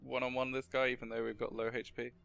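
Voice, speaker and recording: A man chatting casually while playing a game, joking and self-mocking, with excitable outbursts. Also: medium pitch, fast talker, gravelly. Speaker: gamer co-host. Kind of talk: casual gameplay chat.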